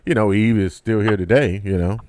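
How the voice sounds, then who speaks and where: A man's voice: lowish voice, brisk, a little mellow, no echo. A man hosting a radio talk show, chatting and joking about celebrity gossip in a laid-back way. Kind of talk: casual celebrity gossip chat.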